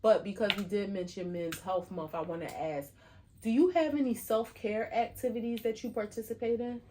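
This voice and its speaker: A woman co-hosting a podcast in casual chat, talking in a chatty, animated way with lots of fillers. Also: mid-range voice, normal speed, slight background noise. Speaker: podcast co-host.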